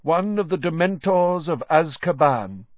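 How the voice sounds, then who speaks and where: A man voicing a calm, kind teacher who gives gentle, reassuring instructions. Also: on the high side, unhurried, no echo, muffled recording, voice pushed up.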